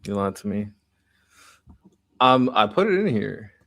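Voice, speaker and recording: A man's voice: on the low side, big pitch swings, measured pace, creaky, a bit bright. A man streaming casual, sarcastic reaction commentary on a hearing clip. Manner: joking, sarcastic asides.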